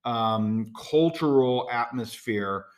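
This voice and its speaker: A man's voice: medium pitch, takes it slowly. Man, middle-aged, American, podcast host, casual solo talk, direct, chatty with fillers. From United States. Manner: conversational, direct, with frequent fillers and asides.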